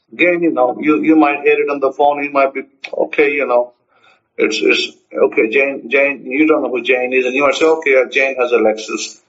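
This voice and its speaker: A man's voice: medium pitch, a bit bright, lo-fi sound. A man teaching, who acts out short dialogues and repeats his points for emphasis. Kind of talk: spoken self-help teaching.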